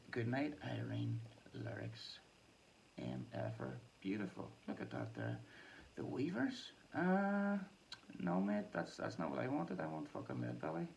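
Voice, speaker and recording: A man's voice: mid-range voice, creaky. A man talking in a casual, rambling monologue, swearing a lot, laughing often and trailing off mid-thought. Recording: distant mic with faint ambient noise.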